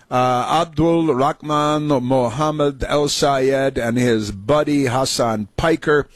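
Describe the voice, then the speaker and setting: A man's voice: medium pitch, dry recording. A man hosting a political talk show, talking in a sarcastic, mocking way with many filler words. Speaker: talk radio host.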